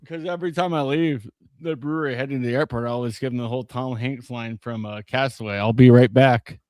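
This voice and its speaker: A man's voice: mid-range voice, fairly even intonation, quick pace, no room sound. A man in a casual podcast chat who tells chatty stories and laughs often as he talks.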